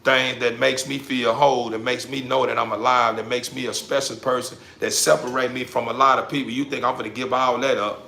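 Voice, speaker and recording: A man giving a preachy motivational rant straight to the listener, repeating his points and swinging from low muttering to loud emphatic bursts. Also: level tone, brisk, gravelly, few pauses, slight background noise. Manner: preachy, addresses listener directly, repeats himself. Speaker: social media commentator. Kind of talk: motivational street-talk rant.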